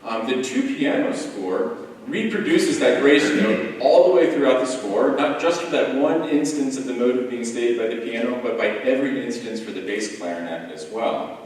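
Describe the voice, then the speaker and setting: A man's voice: medium pitch, normal speed. A man on a music panel explaining an edition in a thoughtful lecture style, with many ums and restarts. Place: large echoey hall. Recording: echoey hall recording from far off.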